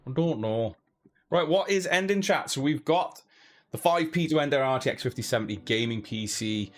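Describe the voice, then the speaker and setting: A man's voice: medium pitch, animated, normal speed. A man hosting a giveaway livestream, chatting casually to his viewers in a loose, rambling way full of fillers and restarts.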